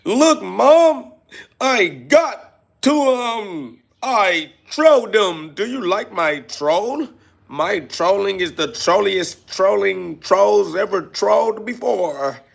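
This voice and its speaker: A man's voice: high voice, expressive, takes it slowly, vocal fry, pitched above the performer's own voice, full character voice. A man voicing a childish male internet troll who brags in a whiny, sing-song way about his trolling.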